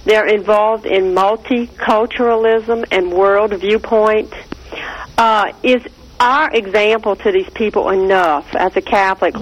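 A woman's voice: medium pitch, poor audio. Hesitant woman caller. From Louisiana. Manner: hesitant, many fillers. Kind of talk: call-in question.

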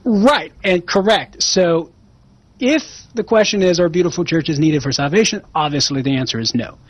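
A man's voice: fairly high pitch, normal speed, dry recording. A man who is the guest expert on a call-in radio show, answering a caller earnestly and building his case step by step with rhetorical questions.

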